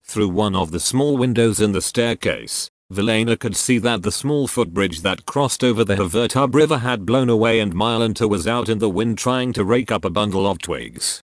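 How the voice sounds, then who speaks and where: A man reading a melodramatic mystery story aloud in a deadpan way. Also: fairly low pitch, normal speed, hardly any pauses, dry recording, studio quality. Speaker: narrator.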